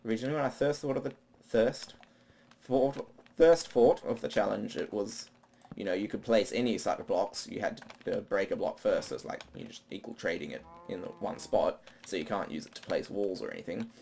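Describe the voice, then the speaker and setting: A man's voice: lowish voice, brisk, creaky, a little mellow, slight background noise. A man doing rambling, self-talking let's play commentary while he plays. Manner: rambling, talks to himself. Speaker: gaming channel host.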